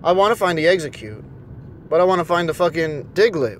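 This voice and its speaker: This is a casual in-car rant: a young man vlogs as he drives, angry and cursing without pause. His high voice moves fairly quickly over slight background noise.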